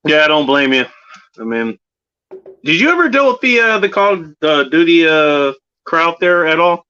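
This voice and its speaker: A man's voice: fairly high pitch, animated, normal speed, bright, forceful tone, smooth. A man hosting a casual livestream chat, easygoing and profane, laughing often. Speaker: livestream host. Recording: slightly muffled lo-fi audio.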